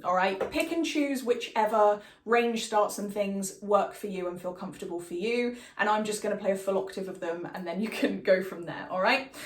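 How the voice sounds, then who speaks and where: A young woman giving a singing lesson as a vocal coach, with calm, reassuring instructions. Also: medium pitch, reverberant.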